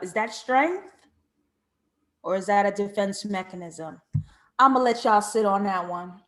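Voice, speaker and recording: American woman, TV reviewer, fairly high voice, expressive, reflective, playful asides. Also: unhurried. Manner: reflective and questioning. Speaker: TV show reviewer. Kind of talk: animated video review commentary.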